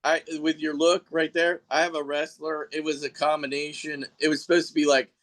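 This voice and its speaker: A middle-aged podcast guest talks a little fast, his voice on the high side and fairly bright with little pitch movement. He rambles casually through his stories, laughs often and mimics others when quoting them.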